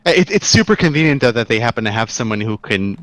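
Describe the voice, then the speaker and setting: A man in casual chat as guest host, rapid with stammering restarts. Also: mid-range voice, very animated, fairly bright tone, dry recording, rough recording.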